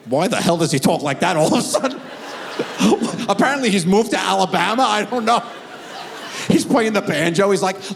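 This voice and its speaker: A middle-aged man performing a stand-up comedy routine, telling a story with animated delivery and acted-out voices. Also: sits high, a little fast, gravelly, long reverb tail, a little hiss or hum.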